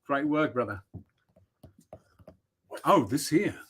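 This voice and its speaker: A livestream host, his voice a little high and animated, jokes through a mock art critique at a slow pace. He's goofy and theatrical, swinging from loud declaiming to mumbling, and there's a little hiss or hum in the audio.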